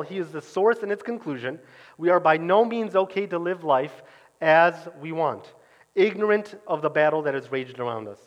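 Earnest preacher in a reverberant hall. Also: male voice, on the high side, lo-fi sound. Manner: earnest, emphatic, drops to quiet at phrase ends. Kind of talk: sermon.

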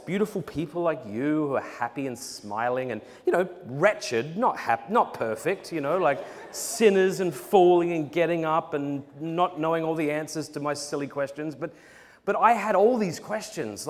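A young Australian man telling funny stories to a conference audience, acting out quotes as he goes. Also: on the high side. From South Australia. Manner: animated storytelling with acted-out quotes and laughs. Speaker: speaker. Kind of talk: humorous talk to a conference audience. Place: large conference hall. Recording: hall reverb with faint noise.

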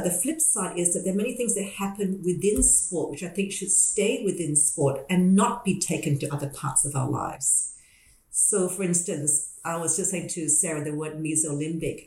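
A woman's voice: on the low side, a little hiss or hum. Chatty Australian woman podcast host. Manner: lively, laughs often, self-deprecating. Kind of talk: casual explanatory chat. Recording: roomy echoey room.

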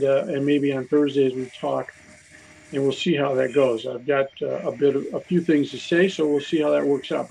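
A man's voice: medium pitch, gravelly, darkish tone, slight background noise, poor audio. A man leading a casual Bible study, talking in a conversational way with many fillers and restarts. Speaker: Bible teacher.

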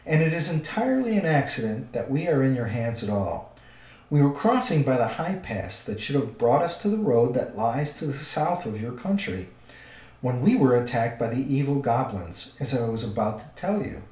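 A man's voice: mid-range voice, big pitch swings, normal speed, a little mellow, natural voice. A man voicing a polite, crafty old male wizard, coaxing and careful, in a roomy recording. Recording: roomy echo.

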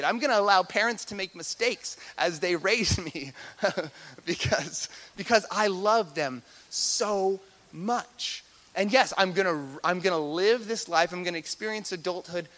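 A male preacher with a bright, somewhat high voice delivers a sermon with lots of energy. He repeats his words for emphasis and swings from loud, emphatic passages to hushed near-whispers. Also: lively intonation, measured pace.

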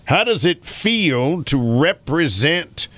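A man's voice: a little high, lively intonation, slow, a bit bright, no room sound. A man from North Carolina hosting a morning radio show, chatting casually in a rambling way and laughing often.

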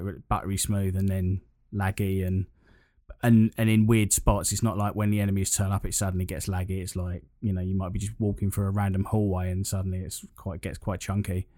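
A man's voice: sits low, mellow, no echo, studio quality. Rambling man chatting about games. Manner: rambling, lots of fillers and restarts, enthusiastic. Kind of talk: casual gaming chat.

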